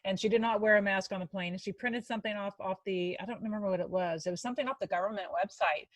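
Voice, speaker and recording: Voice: mid-range voice, fast talker, fairly bright tone, dry recording. An interviewer in casual chat, chatty and agreeable, who backs up the guest's points.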